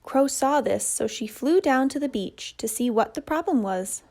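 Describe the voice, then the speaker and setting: A woman telling a children's puppet story in a gentle, measured way. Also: high voice, animated.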